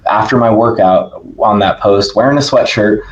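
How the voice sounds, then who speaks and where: Emphatic man with a low voice, lo-fi. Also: normal speed. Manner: energetic, emphatic, keeps asking "right?". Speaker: podcast guest. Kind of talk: casual interview conversation.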